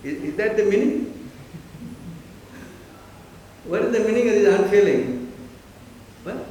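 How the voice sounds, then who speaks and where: A man giving a lively spiritual lecture, full of rhetorical questions. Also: high-pitched, unhurried, long pauses. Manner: animated, rhetorical questions, mimics listeners. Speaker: spiritual teacher. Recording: echoey hall, faint noise.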